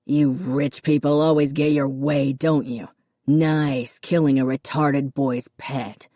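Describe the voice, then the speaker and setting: Bitter, resentful working-class dad, read by a woman narrator; low voice, dry close sound. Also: steady tone, slow, warm tone, dry recording, full character voice. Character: bitter, angry poor father of a boy. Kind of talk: audiobook character reading.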